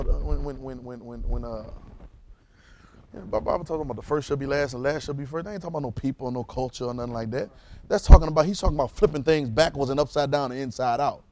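A man preaching with a fairly high voice that keeps rising into loud, emphatic bursts before dropping back down. He repeats his lines and has the congregation echo him back. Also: quick pace. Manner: calls on congregation to repeat phrases. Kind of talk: sermon.

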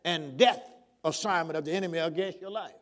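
Man, preacher, high-pitched voice, call-and-response sermon, coaxing the crowd to answer back. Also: brisk, fairly bright tone.

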